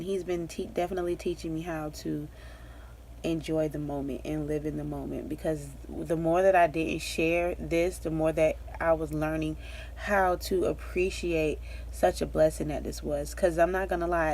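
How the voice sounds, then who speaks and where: Young woman, low-pitched, rambling casual vlogger, pregnant, faint background hiss. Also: little pitch movement, moderate pace, a little mellow. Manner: chatty and rambling, with frequent fillers and laughs. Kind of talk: casual pregnancy update vlog.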